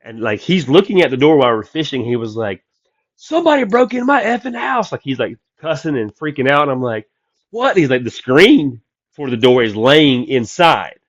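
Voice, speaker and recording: A man telling a story from the road in casual chat, animated and acting out the people he quotes. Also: mid-range voice, normal speed, dry recording, lo-fi sound. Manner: animated, acts out quoted voices loudly. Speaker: comedian guest.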